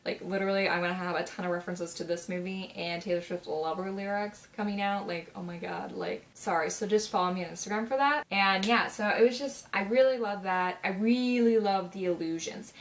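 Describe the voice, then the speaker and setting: A nineteen-year-old woman reviewing a movie in a casual vlog, gushing and chatty, her sentences full of filler words, now and then jumping into loud, high exclamations. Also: brisk, hardly any pauses. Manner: chatty, gushing, full of "like" and "you know what I mean".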